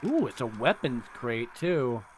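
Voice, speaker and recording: A man's voice: mid-range voice, sing-song, measured pace, slight background noise. Profane man muttering through gameplay. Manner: loose and profane, mutters to himself while playing; rambling storyteller with restarts. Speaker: streamer. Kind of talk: casual gameplay commentary.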